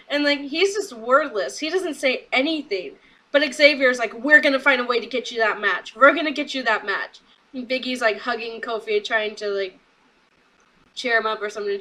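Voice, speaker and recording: A young woman reviews a wrestling show in a casual recap, her voice high and bright. She's chatty and excitable, acting out quotes from people in quick asides, though the recording quality is low.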